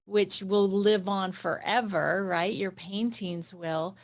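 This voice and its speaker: A woman hosting a podcast interview, reflecting back her guest's story and asking warm, affirming questions. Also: mid-range voice, fairly even intonation, slow. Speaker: podcast host.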